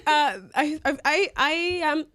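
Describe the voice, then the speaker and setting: A woman's voice: sits high, fairly even intonation, unhurried, crowd noise. A woman co-hosting a podcast, telling an embarrassing story in casual chat, laughing often and slipping into Spanish phrases. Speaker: podcast co-host.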